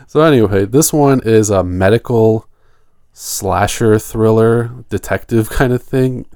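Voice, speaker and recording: A man co-hosting a horror podcast in casual chat, relaxed and rambling, laughing often. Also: lowish voice, measured pace, smooth, no room sound, studio quality. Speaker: podcast co-host.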